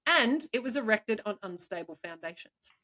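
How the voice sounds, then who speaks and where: A woman's voice: mid-range voice, expressive, sharp tone. Giggly woman telling stories. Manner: playful, laughs often, quick asides. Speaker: co-host, storyteller. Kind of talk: casual chat.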